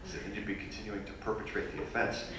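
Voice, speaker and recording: A man telling a funny personal story as a guest speaker at a university lecture, animated and self-deprecating. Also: fairly low pitch, fast, very noisy. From New York. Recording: echoey hall recorded from far off.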